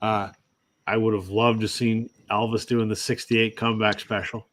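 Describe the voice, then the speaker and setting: A man with a fairly low voice chats with enthusiasm, often letting his sentences trail off quietly. Faint background noise sits under the recording. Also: flat delivery, moderate pace. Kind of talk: casual chat.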